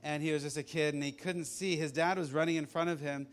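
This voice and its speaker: A man's voice: on the high side, steady tone, fast talker. A man preaching a sermon in a conversational, rambling way, full of asides and illustrations. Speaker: pastor.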